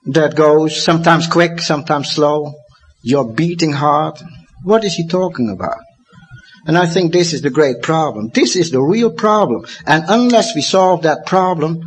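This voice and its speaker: A Dutch man in his fifties giving a lecture, talking emphatically and swinging from excited high bursts to low, quiet asides. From Netherlands. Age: 50s.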